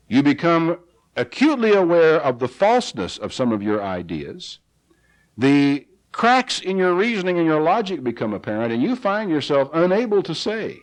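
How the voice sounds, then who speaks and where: A man's voice: on the high side, poor audio. A man preaching a sermon in an earnest, plain way. He reads scripture aloud and rises to pleading cries in a recording from the 1980s.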